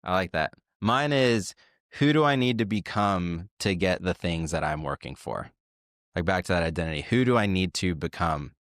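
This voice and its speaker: A man co-hosting a podcast in casual chat, thoughtfully telling parables and trailing off quietly at the ends of lines. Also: sits low, animated, moderate pace, no room sound, clean studio sound. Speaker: podcast co-host.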